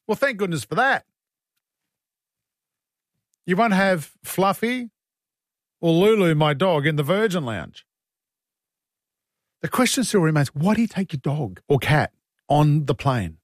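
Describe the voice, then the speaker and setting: A man's voice: a little high, big pitch swings, no room sound, clean studio sound. A man hosting talkback radio with an Australian accent, chatty and joking, taking calls from listeners. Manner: chatty, joking, quick to laugh. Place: radio studio.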